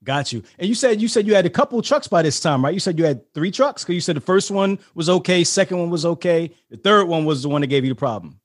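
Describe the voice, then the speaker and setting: A man's voice: fairly high pitch, animated, fast, hardly any pauses, no room sound, clean studio sound. A man hosting a casual interview, asking rambling questions with restarts. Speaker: host.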